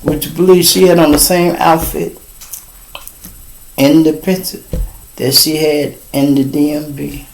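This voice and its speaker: Animated Chicago man telling street stories. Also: on the high side, measured pace, gravelly, pauses often, slight background noise. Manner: animated street storytelling, addresses listeners as y'all. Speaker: podcast host. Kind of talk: casual storytelling.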